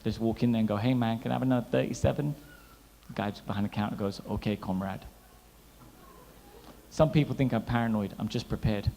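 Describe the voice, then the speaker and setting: A man's voice: medium pitch, fast talker, creaky, a little hiss or hum. Man, thirties, stand-up comic, chatty, teasing the audience, long hall reverb. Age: 30s. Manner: chatty, animated, teasing the crowd. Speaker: stand-up comedian. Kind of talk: stand-up comedy set. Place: large hall at a gala dinner.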